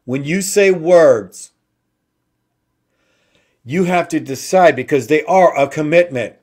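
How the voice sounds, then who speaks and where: Slow, emphatic male motivational host. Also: fairly high pitch, a little mellow. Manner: slow, emphatic, repeats key phrases. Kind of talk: inspirational talk show monologue.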